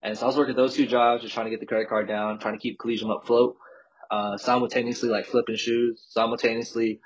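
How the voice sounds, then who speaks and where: A man's voice: on the low side, level tone, fast talker, husky. A man in his thirties from California, a podcast guest telling his story in a loose, slangy way full of "like". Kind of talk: casual storytelling chat. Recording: dull lo-fi recording.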